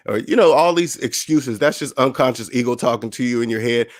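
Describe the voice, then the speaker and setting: Speaking fast with few pauses, a medium-pitched man runs his own channel on personal finance. He keeps things casual and motivating, and he animatedly voices the other people he quotes in his anecdotes.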